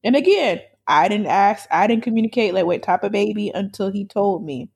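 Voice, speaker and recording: A woman casually telling a story on a podcast, animated and laughing often, swearing freely. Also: medium pitch, a little fast, gravelly, slightly rough.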